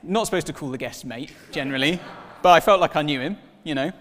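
A man in his thirties preaching a sermon, telling stories with lively acted-out dialogue. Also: on the high side, fast, big-room sound. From Wales. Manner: animated storytelling, acts out dialogue in voices.

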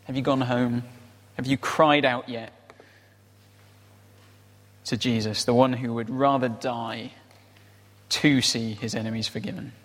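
A man's voice: medium pitch, fairly even intonation, a little slow, long pauses, fairly bright tone. A man preaching a conversational sermon, often tossing in rhetorical tag questions. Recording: reverberant hall.

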